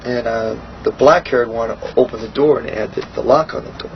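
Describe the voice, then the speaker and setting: Middle-aged guest, blunt and profane, acts out quotes with a raised voice, dull lo-fi sound with a faint hiss. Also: male voice, fairly quick, creaky. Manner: animated storytelling, acts out quotes with raised pitch. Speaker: interview guest. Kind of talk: shoot interview storytelling.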